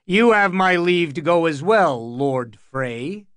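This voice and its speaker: Cold, scornful older lord, read by a male audiobook narrator; unhurried, a touch high. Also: expressive, a bit bright, dry recording, exaggerated voice. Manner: icy and contemptuous. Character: cold, commanding older lord and royal hand.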